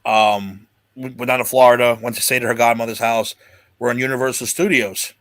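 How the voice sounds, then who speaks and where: A man's voice: mid-range voice, fairly even intonation, brisk, fairly bright tone, no room sound. A man hosting a casual podcast chat, telling a long rambling story with restarts and swearing. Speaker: podcast host.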